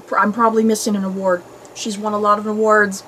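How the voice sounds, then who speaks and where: A woman hosting a casual movie review chat, animated and chatty, often laughing. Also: medium pitch, fast, slight background noise, poor audio. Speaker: host.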